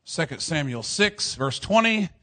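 Male preacher with a high voice; emphatic sermon delivery, punctuated by amens, switching between loud and hushed. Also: big pitch swings, unhurried. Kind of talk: fiery sermon.

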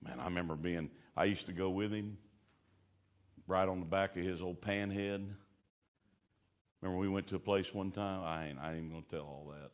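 Man, preacher, very low voice, folksy storytelling sermon, loud to hushed. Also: steady tone, a little fast, pauses often. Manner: folksy Southern-style preaching, laughing asides, swings from loud to hushed. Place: church.

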